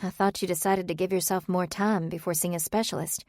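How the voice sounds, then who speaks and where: A woman playing a calm, steady older sister. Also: lowish voice, brisk, no echo, clean studio sound, close to an everyday voice. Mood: reassuring. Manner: calm and reassuring. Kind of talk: audiobook character voice.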